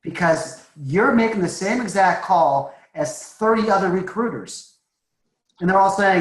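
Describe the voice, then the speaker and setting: A man's voice: high-pitched, expressive, a little slow, reverberant, rough recording. A man from Massachusetts coaching recruiters in a casual webinar, chatty and joking, with a schmoozing manner. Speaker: recruiting trainer.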